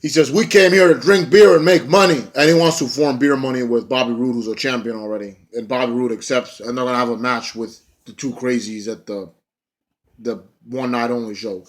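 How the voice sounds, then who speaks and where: A man's voice: medium pitch, fairly even intonation, brisk. A young man giving a casual wrestling show review, blunt and profane, ranting and mocking.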